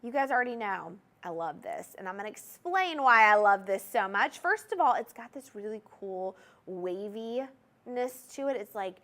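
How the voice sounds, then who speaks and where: A woman's voice: mid-range voice, animated, normal speed, fairly bright tone. Bubbly woman hosting a jewelry sales show. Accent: Southern US. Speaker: jewelry shopping host. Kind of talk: TV shopping presentation.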